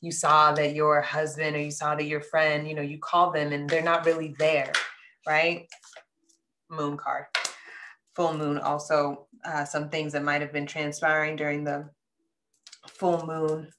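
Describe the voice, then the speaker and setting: A woman giving a general tarot reading to her viewers, earnest and heartfelt, often checking in with "right?" and soft hums between thoughts. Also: low-pitched, completely flat delivery, measured pace, slight background noise. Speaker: tarot reader.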